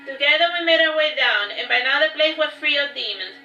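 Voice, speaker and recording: A woman's voice: sits high, animated, a little fast, bright, forceful tone. A woman reading her own fantasy story aloud, with frequent restarts, in a roomy, distant, dull recording with faint music. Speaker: author.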